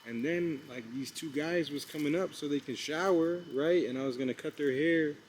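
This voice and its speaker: A young man vlogging outdoors at night, telling a story in a casual, excited, slangy way, rambling with lots of "like" and "bro". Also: a little high, normal speed, low-quality recording. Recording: outdoor street noise with passing traffic.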